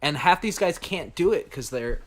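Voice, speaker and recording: A man's voice: a little high, animated, moderate pace, slight background noise. A man co-hosting a podcast, laughing and talking crudely while reacting to clips. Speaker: podcast co-host. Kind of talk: casual chat reacting to clips.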